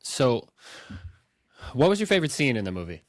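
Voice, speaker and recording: A man hosting a casual movie podcast, telling stories in an excitable, animated way. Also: mid-range voice, moderate pace, dry recording. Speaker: podcast host.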